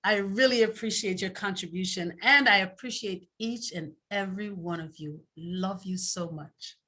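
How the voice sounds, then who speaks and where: A woman speaking at a book launch, telling an animated story about a friend and breaking into loud exclamations. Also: mid-range voice, normal speed. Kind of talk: lively storytelling tribute.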